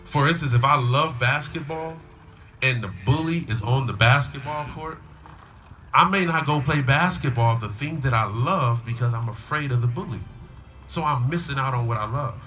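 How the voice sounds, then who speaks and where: A man's voice: mid-range voice, normal speed, sharp tone. A middle-aged man, a school coach, giving a storytelling graduation speech to students and parents. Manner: storytelling, acts out a child's whiny voice in quotes.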